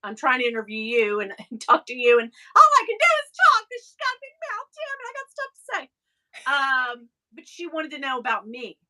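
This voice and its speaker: Bright, high-voiced woman chatting. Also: fairly quick. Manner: chatty, animated storyteller with frequent laughs. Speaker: live stream host and former radio interviewer. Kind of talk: casual chat.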